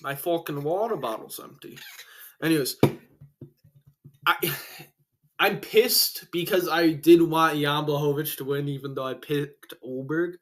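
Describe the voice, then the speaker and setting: A young man hosting a casual solo reaction to fight results, excitable and full of slang and swearing, a bit out of breath. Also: a little high, unhurried, pauses often. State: breathing heavily. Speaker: MMA reaction host.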